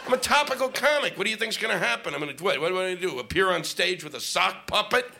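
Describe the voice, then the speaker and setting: A man ranting through a stand-up set, his pitch leaping up high and swinging wildly as he works himself up. The live recording carries clear noise from the room around him. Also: animated, fast. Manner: profane, ranting, sarcastic. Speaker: stand-up comic. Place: live comedy venue with laughing audience.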